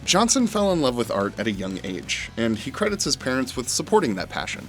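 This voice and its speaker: A man's voice: mid-range voice, very animated, brisk, faint music behind. A male show host delivering scripted narration between interview clips, with an enthusiastic, announcer-like delivery.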